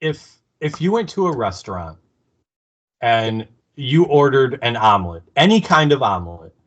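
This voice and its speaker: A man co-hosting a podcast in casual chat, wandering off onto side stories and quickly agreeing with his partner. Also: mid-range voice, very animated. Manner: chatty, digressive, quick to agree. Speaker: podcast co-host.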